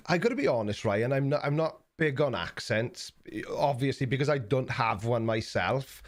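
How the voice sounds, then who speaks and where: A man's voice: mid-range voice, normal speed. A man hosting a livestream, chatting casually and reading out viewer messages, rambling with lots of fillers and self-mocking asides. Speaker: livestream host.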